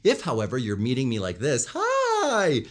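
A man's voice: lowish voice, normal speed. A man talking as a communication coach, explaining body language and vocal melody and acting out different tones as examples. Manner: animated, demonstrates tones and gestures while explaining. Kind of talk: instructional commentary on speaking.

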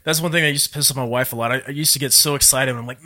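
Man, former Marine, bright tone, middle pitch, relaxed storytelling, casual podcast chat. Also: rapid-fire, few pauses.

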